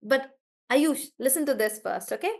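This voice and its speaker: A woman's voice: high voice, lively intonation, normal speed, creaky. A woman teacher, chatty in a live online class, explaining word stress through spoken examples. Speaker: English pronunciation teacher.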